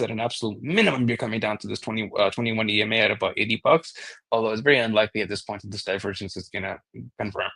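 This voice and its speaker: A man with a lowish voice gives a casual crypto chart breakdown as a trading analyst. His delivery is loose, full of restarts, with an occasional curse.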